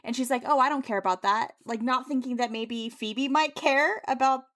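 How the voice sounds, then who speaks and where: A young woman co-hosting a book club podcast, chatting casually and retelling scenes with animated, playful energy. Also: high-pitched, normal speed.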